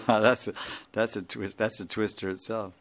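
Low-voiced Indian man teaching casually. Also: steady tone, measured pace, slight background noise. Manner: rambling, chuckling, often asks listeners to confirm. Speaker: spiritual teacher. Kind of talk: informal class lecture.

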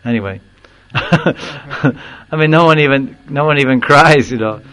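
A man giving a devotional discourse, explaining verses and telling a story in an animated way, now and then acting out the people in it. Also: mid-range voice, low-quality recording. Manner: animated storyteller who acts out quoted voices and chuckles; recites Sanskrit verse slowly, then explains it. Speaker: spiritual teacher.

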